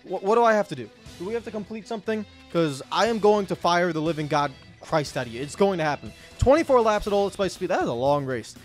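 A young man commenting on his own racing game play, muttering to himself and yelling when things go wrong. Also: high voice, fast, few pauses, faint music behind. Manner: excitable, yells when wrecked, mutters to himself. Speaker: gaming YouTuber.

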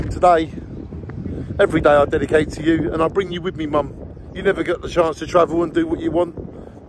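Male vlogger, heartfelt and emotional, talking in a moving car with wind and road noise behind. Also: a little high. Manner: heartfelt, emotional, speaking straight to his late mother. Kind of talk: casual spoken video diary. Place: in a car, driving into the mountains.

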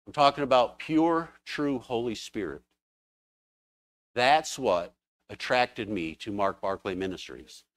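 Male preacher, mid-pitched, lively testimony delivery, dry mic. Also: measured pace, dry recording. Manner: fervent, animated storytelling with exclamations. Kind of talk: sermon. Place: church.

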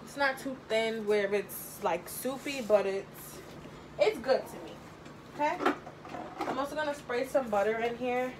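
A young woman with a fairly high voice walks through a recipe in her kitchen, talking casually and filling pauses with ums as she thinks aloud. Her voice comes through a camera mic, with a faint hiss of background noise behind it. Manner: chatty and rambling, thinks aloud with many fillers. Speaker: home cook vlogger. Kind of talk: casual cooking tutorial. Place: home kitchen.

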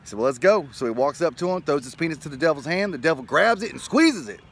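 Male joke teller, slightly high voice, lively storytelling with character voices. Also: fast talker, husky. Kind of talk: telling a joke.

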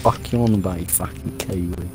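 A man's voice: sits low, steady tone, fairly quick, over music. A man joking and laughing in casual gaming voice chat over a headset mic. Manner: playful, laughing, goofy. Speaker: online game player.

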